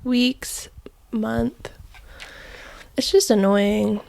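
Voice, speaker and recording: A young woman with a slightly high, gravelly voice, chatting casually on a podcast. She sounds stuffy and congested and keeps her replies short and easygoing. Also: steady tone, drawn-out words, a little mellow. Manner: laid-back, short replies. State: congested, sick for weeks. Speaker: podcast co-host. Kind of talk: casual chat.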